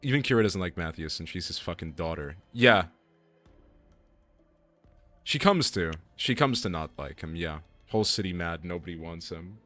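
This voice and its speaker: A male game streamer in a loose, joking chat with his viewers. He swears freely and keeps things casual. His voice sits very low. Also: lively intonation, normal speed, fairly bright tone, soft background music. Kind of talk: casual gaming stream commentary.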